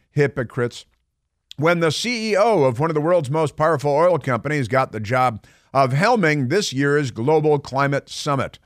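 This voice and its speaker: A man's voice: fairly high pitch, no echo. A man hosting a talk radio show, delivering a sarcastic monologue with mocking asides from a studio microphone.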